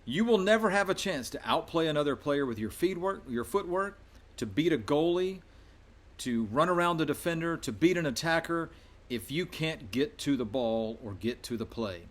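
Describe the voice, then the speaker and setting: A man's voice: fairly high pitch, lively intonation, moderate pace. A man speaking as a soccer coach, addressing his young players directly. He talks in a firm, emphatic way and leans hard on key words. Under the toughness his tone stays encouraging. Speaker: middle school soccer coach. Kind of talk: motivational welcome talk to players.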